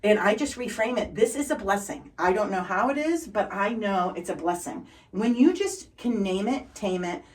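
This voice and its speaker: A middle-aged woman with a Boston accent tells stories as an interview guest, bright with relentless positivity. Her voice sits at an ordinary pitch and sounds set back from the microphone. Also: expressive, moderate pace, hardly any pauses, recorded from a distance, poor audio. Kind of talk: upbeat storytelling in conversation.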